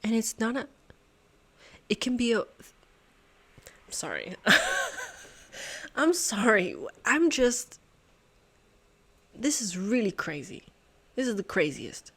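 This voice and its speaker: Excitable woman thinking aloud, lively pitch. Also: slow pace, pauses often, husky. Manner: excitable, exclaiming and swearing in disbelief; talks to herself and her viewers, often laughing. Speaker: host solving a sudoku puzzle. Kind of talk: thinking aloud while solving a puzzle.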